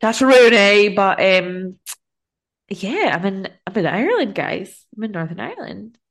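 A woman's voice: mid-range voice, animated, a little slow, creaky. A woman co-hosting a podcast in casual chat, chatty and giggly, tired after a long day of travel. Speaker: podcast co-host.

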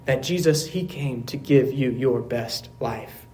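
A man pastor preaching a sermon in a church service, earnest, asking rhetorical questions and dropping to quiet emphasis. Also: mid-range voice, slow pace, slight background noise.

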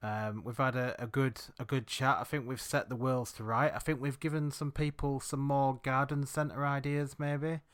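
A man with a Yorkshire accent, co-hosting a casual podcast chat and telling anecdotes that trail off quietly at the ends of phrases. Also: medium pitch, level tone, normal speed, few pauses, clean tone. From Yorkshire, England. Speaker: podcast co-host.

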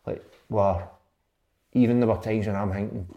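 Speaking at a moderate pace in a lowish, steady voice, a Scottish ex-footballer chats casually and rambles through tales of his playing days, with the occasional swear word. His voice is creaky and mellow, and the highs in the audio are cut off.

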